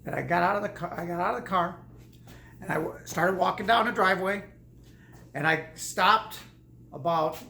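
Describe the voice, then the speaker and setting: A woman's voice: fairly low pitch, moderate pace, vocal fry, long pauses, bright, forceful tone, roomy sound, slight background noise. A woman casually telling a personal story in a rambling way, with many restarts and repeats.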